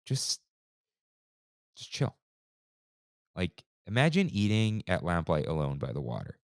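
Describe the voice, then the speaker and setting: A man in his thirties co-hosting a podcast in a relaxed, slangy chat style, saying "dude" and "like" often. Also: sits low, measured pace, dry recording, studio quality. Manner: laid-back, slangy, says "dude" and "like" often. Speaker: podcast co-host. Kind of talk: casual chat.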